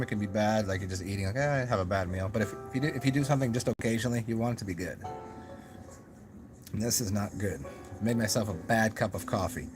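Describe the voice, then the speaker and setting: A young man talking in a casual, rambling monologue to his camera, musing aloud with many restarts and asides. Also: medium pitch. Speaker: vlogger.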